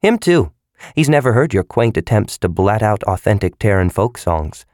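A man voicing a bony, hard-eyed middle-aged man who talks in a loud, mocking, boisterous way. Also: on the low side, sing-song, normal speed, dry recording, clean studio sound.

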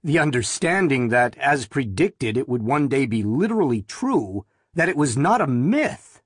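A man narrating an audiobook in a measured, deliberate reading voice. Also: medium pitch, big pitch swings, breathy edge, no echo, clean studio sound.

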